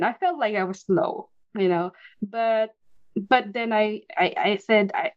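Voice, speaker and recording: Woman guest, lively storyteller with frequent restarts, recorded a bit muffled. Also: on the high side, a little slow, dry recording. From Philippines. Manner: animated, laughs often, frequent restarts. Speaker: podcast guest. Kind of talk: casual interview storytelling.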